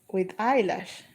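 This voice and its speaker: A Colombian woman with a Colombian accent chatting casually on a livestream, answering viewer comments and switching between English and Spanish. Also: mid-range voice. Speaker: livestream vlogger.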